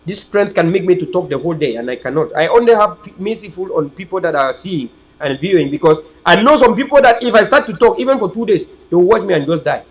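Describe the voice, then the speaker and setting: A man's voice: high-pitched, lively intonation, fast talker, few pauses, poor audio. A man, hosting an online political channel in a rambling, preachy, emphatic livestream monologue to his viewers.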